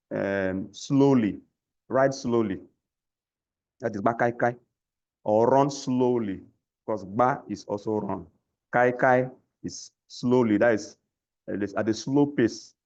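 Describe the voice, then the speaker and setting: A man's voice: mid-range voice, takes it slowly, long pauses. A man teaching a language lesson over a call, patiently repeating words for learners to echo. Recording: lo-fi call audio.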